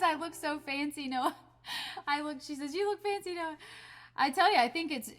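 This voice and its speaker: A woman hosts her band's weekly stream from her house, rambling casually with laughter and filler words. Her voice is middle-pitched, picked up by a webcam mic, with a little guitar faintly in the background. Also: a bit bright. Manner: chatty, laughing often, many fillers. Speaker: band member hosting a livestream. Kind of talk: casual livestream chat. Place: home.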